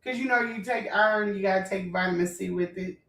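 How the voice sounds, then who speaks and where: A woman's voice: mid-range voice, a little fast, fairly bright tone, recorded from a distance. Fired-up woman ranting in an echoey room. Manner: blunt, profane, emotional, talks straight to viewers. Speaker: vlogger. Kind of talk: heated storytime rant.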